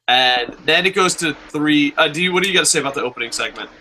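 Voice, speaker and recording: A man in his thirties hosting a casual wrestling review, excitable and profane, breaking into jokey shouts. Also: a little high, fast talker, hardly any pauses, a little hiss or hum. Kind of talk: casual podcast chat.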